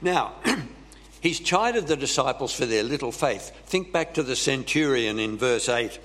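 A male preacher delivers a sermon at a slow, unhurried pace. He leans on dramatic pauses and often clears his throat. His pitch sits in an ordinary middle range for a man. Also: fairly bright tone.

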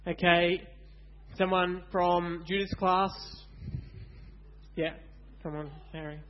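A man gives a lively children's Bible talk in church and keeps asking the kids questions. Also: sits high, takes it slowly, dull audio, slight background noise. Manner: animated, asks kids questions.

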